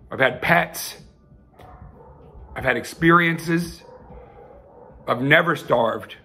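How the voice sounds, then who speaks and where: Husky, earnest man preaching casually. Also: a little high, sharp tone. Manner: heartfelt, profane, rambling with restarts. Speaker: self-styled televangelist host. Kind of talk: casual rambling sermon.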